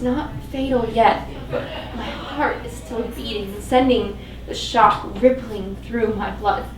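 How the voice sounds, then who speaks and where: A woman giving a dramatic, emotionally intense live reading of first-person fiction at a live event. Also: fairly high pitch. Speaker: fiction reader. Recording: echoey live venue, mic at a distance.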